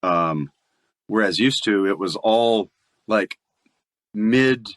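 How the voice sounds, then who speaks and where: A man's voice: on the low side, animated, takes it slowly, a bit bright, no room sound. A man with a Southern US accent, a voice actor chatting casually as an interview guest and laughing often.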